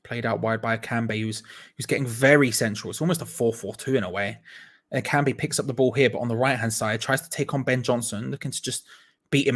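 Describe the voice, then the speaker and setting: A young man giving excitable live fan commentary on a football match, laughing often as he reads out viewers' messages. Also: medium pitch, brisk. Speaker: watch-along host.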